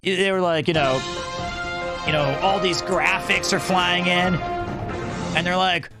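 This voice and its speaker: A man streamer casually telling a story, animated and swearing freely, acting out the people he quotes. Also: high voice, a little slow, long pauses, over music.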